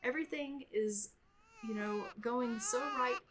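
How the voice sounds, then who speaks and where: A woman's voice: fairly high pitch, unhurried, heavy background noise, natural voice. Woman voicing a worried young wife. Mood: frustrated, worried. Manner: anxious, exasperated, lots of rhetorical questions. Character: young wife worried she can't get pregnant.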